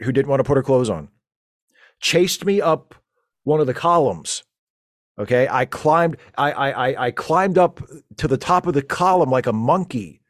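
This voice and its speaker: A man's voice: fairly high pitch, no echo, studio quality. A man playing a flustered, rambling space-fleet lieutenant who stammers through a comedic audio monologue.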